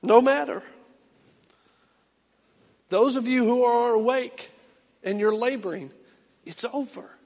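A middle-aged man preaching in a church sanctuary, with a fairly high voice. His delivery swings between loud, impassioned calls and low, quiet urging, and a long reverb trails every phrase. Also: slow, pauses often. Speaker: pastor. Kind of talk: sermon.

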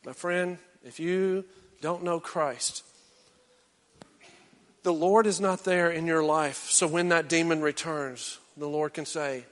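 A male pastor preaching a sermon, swinging from loud exhortation down to hushed, intense near-whispers. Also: a little high, steady tone, slow pace, big-room sound.

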